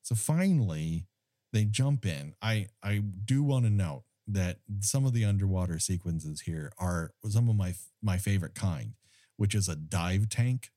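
A man hosting a casual film recap podcast, wry and profane, telling the story with lively asides. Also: deep voice, unhurried, no room sound, studio quality. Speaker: former studio tour guide. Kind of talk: casual chat.

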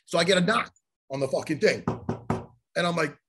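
A man hosting a podcast, telling a story in a profane, animated way and acting out the lines of the people in it. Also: fairly high pitch, fairly quick, background noise. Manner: profane, animated storyteller who acts out quotes. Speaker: podcast host. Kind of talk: casual storytelling chat.

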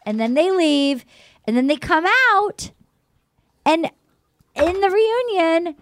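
A woman with a fairly high voice retells a dating show, slipping into the voices of the people in it as she goes. Her speech is animated and full of fillers. The sound is close and dry. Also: unhurried, no echo. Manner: animated storytelling, acting out quotes. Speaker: podcast host. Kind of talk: casual recap chat.

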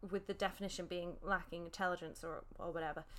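A woman's voice: lowish voice, fairly even intonation, fast talker. A woman co-hosting a casual podcast, hesitant with many ums, spelling words out. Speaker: podcast co-host. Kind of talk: casual chat.

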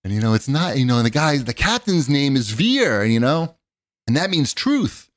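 A man's voice: mid-range voice, very animated, moderate pace, no echo. A man chatting casually as a co-host, telling rambling, profane stories full of fillers. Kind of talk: casual chat.

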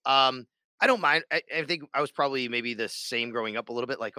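Bright-voiced male sports radio host. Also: medium pitch, quick pace, smooth, no room sound. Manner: rambling, many restarts and fillers. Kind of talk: casual podcast chat.

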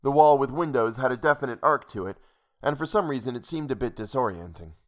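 A man narrating a short story for a podcast, steady and measured. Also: medium pitch. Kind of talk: scripted fiction narration.

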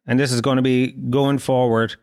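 A man in his thirties with a Dublin Irish accent, ranting and swearing on his own solo podcast, mock-indignant and animated. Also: mid-range voice, normal speed. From Ireland. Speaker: podcast host. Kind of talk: casual solo podcast rant.

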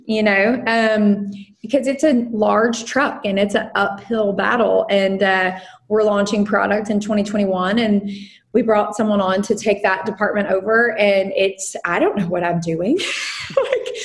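A woman in her thirties who runs a design business, talking casually in an interview with many fillers and restarts. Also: mid-range voice. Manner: rambling, frequent fillers and restarts. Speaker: design firm owner.

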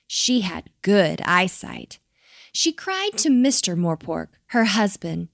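A woman narrating a children's bedtime story, gentle and expressive. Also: mid-range voice, slow, creaky, no room sound, clean studio sound.

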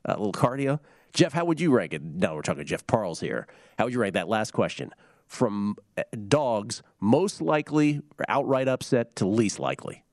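A man's voice: on the low side, very animated, moderate pace, darkish tone, dry recording, clean studio sound. A man hosting a sports betting show, upbeat and steering the segment. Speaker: host.

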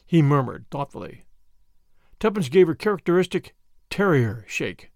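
A man reading a novel aloud as audiobook narrator, with expressive, measured storytelling. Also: on the high side, no echo, clean studio sound. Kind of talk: scripted narration.

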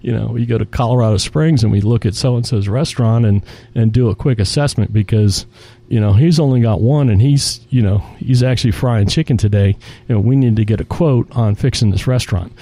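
A restaurant executive, appearing as a guest in a casual interview, tells work stories in a mid-range voice at a slightly fast pace. He is an animated storyteller who acts out the dialogue he quotes.

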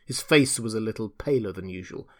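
This audiobook narrator reads a classic novel in a voice on the low side and a little mellow, keeping a measured, dramatic storytelling manner.

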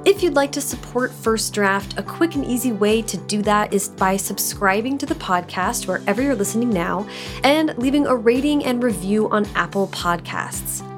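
A woman's voice: mid-range voice, lively intonation, moderate pace, music in the background. Chatty woman podcast host. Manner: enthusiastic, chatty. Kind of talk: podcast intro and interview.

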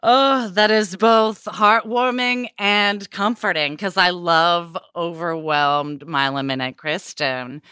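Playful woman co-host, bright crisp voice, unhurried delivery, casual podcast chat. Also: fairly low pitch, steady tone, no echo, clean studio sound.

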